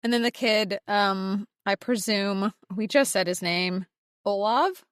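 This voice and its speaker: Woman, slow and unhurried, dry close mic, casual recap, acts out character lines. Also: medium pitch, clear, resonant tone, no echo. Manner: reads out character lines with small acted voices. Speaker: guest voice actress. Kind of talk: casual podcast chat, recapping a comic chapter.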